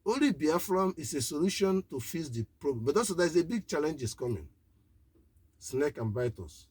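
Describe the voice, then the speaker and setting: A man's voice: medium pitch, warm tone, husky. A man gives an impassioned live political address as a radio broadcaster, preaching in short, repeated declarations.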